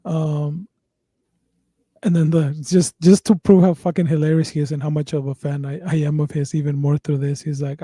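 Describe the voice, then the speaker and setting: A man's voice: a little high, level tone, normal speed, warm tone, no room sound. A man hosting a podcast, chatting casually, rambling and swearing with lots of fillers and restarts. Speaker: podcast host.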